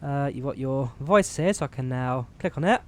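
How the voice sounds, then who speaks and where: A man from the UK giving relaxed, chatty commentary while flying a flight simulator, explaining each menu as he clicks through it on a headset mic. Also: mid-range voice, moderate pace. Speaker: flight sim streamer. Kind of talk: casual gameplay commentary.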